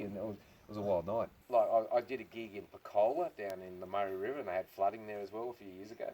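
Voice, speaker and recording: At a farm party, an Australian comedian with a lowish voice talks a little fast, swearing through crude jokes and stories for a small crowd. He stays laid-back, with crowd noise and laughter in the background.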